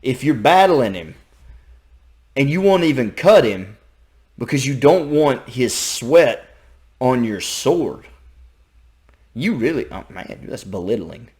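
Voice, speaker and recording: Animated Southern man reacting. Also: mid-range voice. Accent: Southern American. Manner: animated, repeats himself, thinks out loud. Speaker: reaction video host. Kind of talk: casual reaction commentary.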